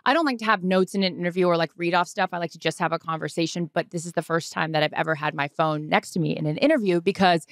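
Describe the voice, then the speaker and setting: A woman's voice: lowish voice, fast talker, few pauses, dry recording, studio quality. A woman from Seattle, co-hosting a podcast, telling a story in casual chat with lots of fillers. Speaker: podcast co-host, sports reporter.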